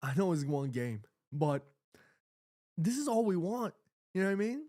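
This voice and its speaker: An excitable man hosts a live football watchalong from his apartment, chatting to his viewers in loose, slangy fan talk that swings into emotion. His voice sits a little high. It sounds close and dry, like a home streaming mic. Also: moderate pace, dry recording. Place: home apartment with neighbors nearby.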